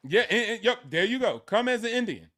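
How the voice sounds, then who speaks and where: Animated man telling stories in a group chat. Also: extremely high pitch, a little fast. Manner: animated storytelling, acting out quoted locals. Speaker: panel guest living in Thailand. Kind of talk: casual group discussion.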